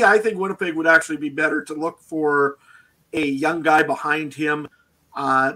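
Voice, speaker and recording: A man's voice: a little high, bright, forceful tone. A man co-hosting a sports podcast, giving opinions on players with frequent "I mean" hedges. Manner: opinionated, hedging with "I mean" and "to be honest". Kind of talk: casual sports chat.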